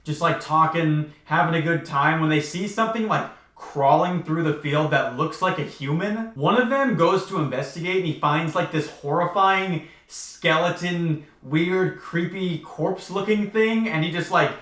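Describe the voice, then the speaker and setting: A chatty young man in his twenties talks through a book in a loose, wry way, filling his sentences with "like." His voice sits a bit high for a man, and the room around him sounds echoey. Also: moderate pace, hardly any pauses, a bit bright. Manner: chatty, heavy use of 'like', wry. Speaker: book commentary youtuber. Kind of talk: casual commentary.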